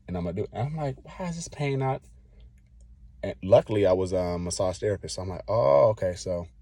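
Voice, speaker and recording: Low-voiced man rambling through a story. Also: no echo. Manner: rambling, acts out his own past lines; relaxed slangy talk. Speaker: vlogger. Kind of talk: casual personal storytelling.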